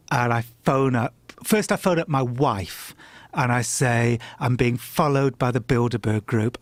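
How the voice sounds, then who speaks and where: A middle-aged man telling an anecdote in a casual chat, animated and swearing, often laughing and jumping up in pitch when he quotes people. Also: no echo. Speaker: guest storyteller.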